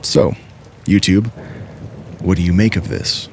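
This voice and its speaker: Deep-voiced man narrating horror stories. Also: unhurried, gravelly, a little mellow, a little hiss or hum. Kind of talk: scripted narration of true scary stories.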